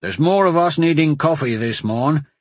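A man's voice: a little high, expressive, normal speed, breathy edge, dry recording, pitched above the performer's own voice. A man voicing a blunt, skeptical male soldier in a fantasy audiobook. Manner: blunt, grumbling then encouraging.

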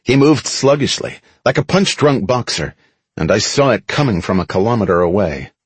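A man narrating an action story in the first person as an audiobook, dramatic and expressive. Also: on the low side, moderate pace, husky, dry recording.

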